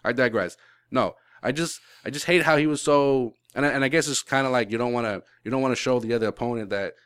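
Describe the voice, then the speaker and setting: A man co-hosting a sports podcast, talking in a rambling, animated way, swearing and restarting his sentences. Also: mid-range voice, fast, clean tone, no echo. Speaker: podcast co-host. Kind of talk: casual sports podcast chat.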